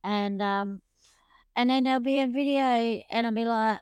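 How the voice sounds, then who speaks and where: A woman's voice: a little high, normal speed, clean tone, dry recording. A woman hosting a podcast interview, talking in a chatty, rambling and openly emotional way. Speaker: podcast host. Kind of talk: casual interview chat.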